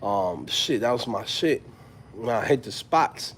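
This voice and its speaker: A man's voice: fairly low pitch, lively intonation, unhurried, fairly bright tone, a little hiss or hum. A man from New York with a New York accent, chatting casually on a livestream, slangy and laughing often. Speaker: host.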